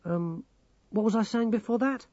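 A woman's voice: medium pitch, normal speed, dark tone, no echo, pitched above the performer's own voice, natural voice. A man voicing an anxious, bossy female gnome leader who talks in an insistent, defensive way. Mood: vague. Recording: dull, dry recording.

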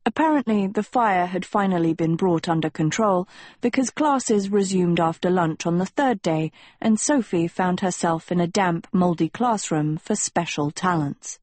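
A woman narrates an audiobook in a measured storytelling style. Her voice is lowish and a little mellow, with no room sound.

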